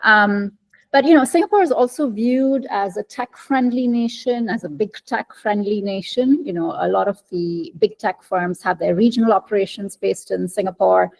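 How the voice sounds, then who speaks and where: A woman moderating an online panel, her voice carrying a gravelly fry. She asks probing, conversational questions at a middle pitch. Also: moderate pace, low-quality recording. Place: virtual roundtable, video call.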